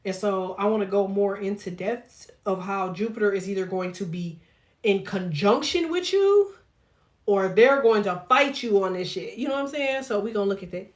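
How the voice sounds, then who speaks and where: A woman's voice: mid-range voice, lively intonation, normal speed. Blunt, profane woman tarot reader. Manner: profane, blunt and jokey, laughs often; talks to viewers directly, reads chat aloud. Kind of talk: casual livestream tarot and astrology chat.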